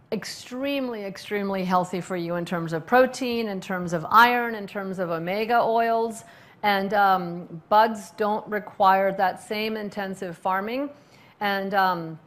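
A middle-aged woman who runs a restaurant, giving an animated public talk full of stories, fillers and restarts. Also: medium pitch. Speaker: restaurant owner and speaker.

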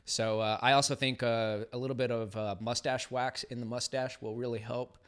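A man's voice: mid-range voice, little pitch movement, moderate pace, a bit bright, smooth. A man co-hosting a live-stream podcast, giving beard styling advice in a laid-back, slangy way with many filler words. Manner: laid-back, slangy, many 'uh's, laughs at own slips.

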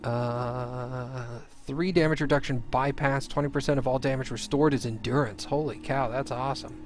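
A man's voice: medium pitch, normal speed. A man streaming a fantasy role-playing game, chatting casually, laughing and gushing over cute finds. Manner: excitable, laughs often, squeals over cute things. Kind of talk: casual gameplay commentary. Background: game music.

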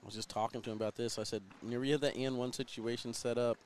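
Laid-back male co-commentator, mid pitch, teasing tone, faint background hum. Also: rapid-fire. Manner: relaxed, teasing, laughs easily. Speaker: color commentator. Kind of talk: casual sports commentary.

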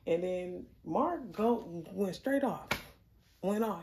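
A young adult woman telling a story in a casual, blunt, animated way, swearing freely. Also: mid-range voice, takes it slowly, background noise. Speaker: storyteller vlogger.

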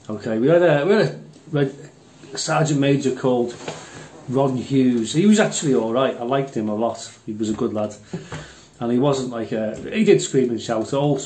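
A man's voice: medium pitch, a little mellow. An older Englishman telling rambling, blunt, swear-filled army anecdotes in casual chat. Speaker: airgun channel host. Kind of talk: casual storytelling. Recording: roomy echo.

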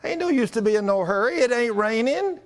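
A man voicing a stubborn, hard-headed husband who brushes off his wife in a loud, dismissive drawl. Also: extremely high pitch, animated, a little fast, pitched above the performer's own voice. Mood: smug.

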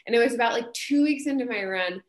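A woman in her thirties, a stage actress, telling a casual, animated story full of fillers and acted-out voices. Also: fairly high pitch, fast talker. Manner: animated, chatty, acts out quoted voices, many fillers. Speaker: Broadway actress guest. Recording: roomy echo.

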